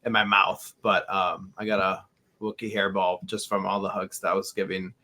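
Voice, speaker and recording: A man co-hosting a fan podcast, telling stories in an animated way with restarts. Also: low-pitched, normal speed. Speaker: podcast co-host. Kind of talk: casual podcast chat.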